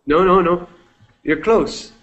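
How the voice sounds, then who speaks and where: A man's voice: sits high, slow, fairly bright tone. A man teaching English one-on-one, patient and encouraging, switching to Spanish now and then to explain. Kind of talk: one-on-one language lesson.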